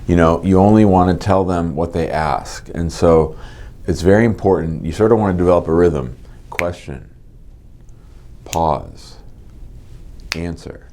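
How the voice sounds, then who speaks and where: A man working as an immigration lawyer, explaining advice in a video. He over-enunciates his words slowly and his S sounds come out slightly stuck. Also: low voice, dark tone.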